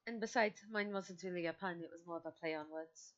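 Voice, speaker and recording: A woman's voice: on the low side, fairly quick, fairly bright tone, muffled recording, close to an everyday voice. A woman voicing a sardonic woman ship captain who teases and swears. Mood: playful.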